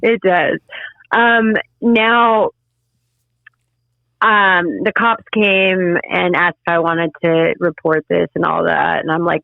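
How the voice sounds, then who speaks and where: A woman's voice: on the low side, fairly even intonation, vocal fry, no echo. Woman recounting a hard past over a phone line. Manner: halting, emotional, frequent restarts. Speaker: podcast guest. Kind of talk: personal storytelling in an interview. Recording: tinny phone-line sound.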